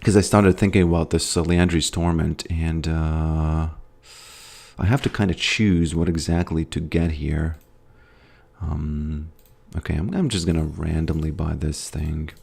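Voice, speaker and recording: Deep and bass-heavy, his voice stays fairly even and unhurried, creaky and somewhat mellow with a breathy edge. He's an American streamer talking casually over his gameplay, reading viewers' chat questions out loud and wandering off into trailing, loose thoughts.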